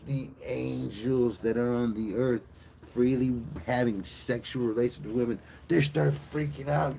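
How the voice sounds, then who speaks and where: Gravelly, profane male storyteller. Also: mid-range voice, a little slow, slight background noise, rough recording. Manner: profane, slangy, animated storytelling. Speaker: streamer. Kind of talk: comic retelling of a bible story.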